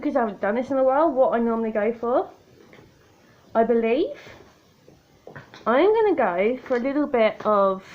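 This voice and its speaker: Filmed on a tablet camera in an indoor room by a window, a woman makes fun of herself while walking viewers through a makeup tutorial, addressing them directly. Her voice is fairly high, and the recording sounds muffled.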